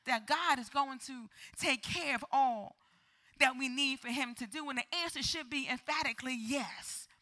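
Woman preacher, high bright voice, dramatic call-and-response sermon. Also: moderate pace.

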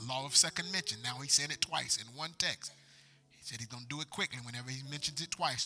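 A man's voice: mid-range voice, fast talker, bright, forceful tone, soft background music, rough recording. A man preaching, reading scripture and praying, with emphatic repetition that builds. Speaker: pastor. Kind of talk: sermon.

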